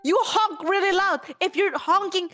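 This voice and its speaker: High-voiced Indonesian woman ranting. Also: moderate pace, a bit bright, soft background music. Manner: heated, swears freely, laughs while ranting. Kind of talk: casual chat, animated venting.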